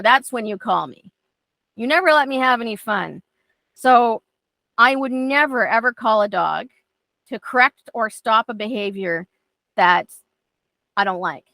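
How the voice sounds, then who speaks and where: A woman's voice: on the high side, bright, forceful tone, dry recording. A woman dog trainer teaching a class in a chatty way, often acting out how she talks to her dogs. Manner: chatty, acts out talking to dogs.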